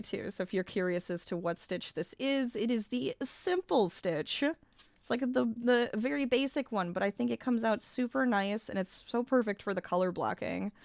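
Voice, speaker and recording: A woman's voice: mid-range voice, vocal fry, no echo. A woman hosts a casual crafting livestream and chats with her viewers while she works. Her voice is a little scratchy as she recovers from being sick. The sound is dry and close to the mic. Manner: chatty, reads chat aloud, laughs often. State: slightly scratchy voice, recovering from illness. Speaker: streamer.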